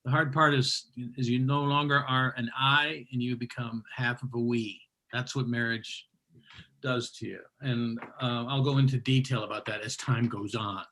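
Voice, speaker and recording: Chatty male host with a bright voice. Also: mid-range voice, flat delivery, moderate pace. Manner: chatty, jokey asides between introductions. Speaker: comedy show host. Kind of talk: hosting a live online comedy show. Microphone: computer mic on a video call.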